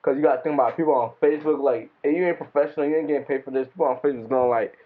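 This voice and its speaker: A man's voice: mid-range voice, rapid-fire. A man co-hosting a podcast, telling stories in a rambling, slangy way. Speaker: podcast co-host and video editor. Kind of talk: casual chat. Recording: thin phone-like sound.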